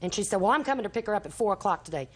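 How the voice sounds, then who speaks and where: An older woman testifying before a judge, recounting events at length. She slips into the voices of the people she quotes. Her pitch sits in an ordinary middle range. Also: expressive, rapid-fire, husky. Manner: long storytelling, acts out quoted dialogue. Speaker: litigant in small claims court. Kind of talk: courtroom testimony.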